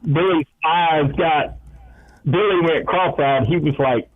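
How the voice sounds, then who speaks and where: A man's voice: a little high, slow pace. A man, a radio sports talk co-host, telling chatty football stories and acting out the quotes. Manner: chatty storyteller, acts out quotes. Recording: tinny phone-like radio line.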